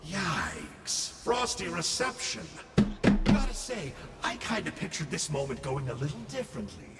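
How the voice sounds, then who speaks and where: A smug scheming game villain. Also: male voice, fairly high pitch, wildly swooping pitch, measured pace, creaky, exaggerated voice. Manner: theatrical, sly and mocking. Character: smug scheming male villain, a treacherous showman. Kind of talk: video game voice acting. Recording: long reverb game audio. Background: game music.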